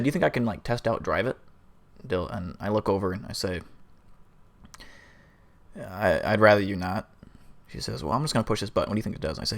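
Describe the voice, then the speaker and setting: A man's voice: lowish voice, fairly bright tone. A man hosting a livestream, telling an improvised story in a casual, rambling way with fillers and swearing. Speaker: livestream host.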